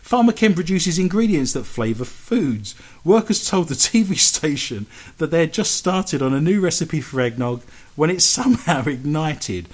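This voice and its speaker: A radio host with a fairly high, expressive voice talks at a normal pace. He swaps cheeky, bawdy jokes with his co-host and laughs at his own lines in a stretch of comic banter.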